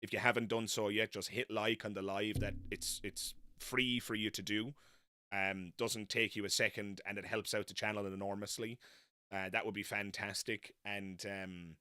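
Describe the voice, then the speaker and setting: A man's voice: on the low side, level tone, moderate pace, bright, forceful tone, smooth, no echo, studio quality. A man hosting a live stream, chatting casually and self-deprecatingly, wandering off into tangents. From not American. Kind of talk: casual rambling live chat.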